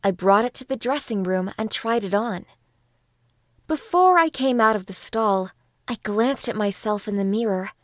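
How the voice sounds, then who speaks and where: A woman narrating a first-person audiobook in a calm, even storytelling manner. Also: medium pitch, normal speed, dry recording, clean studio sound.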